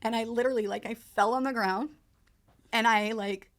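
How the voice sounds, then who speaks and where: A woman in her thirties, a podcast guest, telling an emotional personal story in halting bursts, full of fillers and repeated words. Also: fairly high pitch, steady tone.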